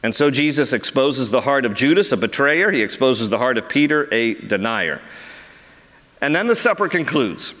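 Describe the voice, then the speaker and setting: A man's voice: mid-range voice, very animated, moderate pace, a bit bright. A middle-aged American man preaching a sermon as pastor, often acting out quoted lines in a raised voice. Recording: long church hall reverb.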